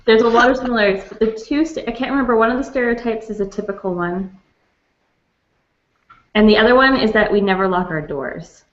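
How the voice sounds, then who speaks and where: A woman's voice: on the high side, fairly quick, roomy sound, muffled recording. A woman from Canada in a casual book club chat, telling stories with frequent laughter. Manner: laughing, storytelling.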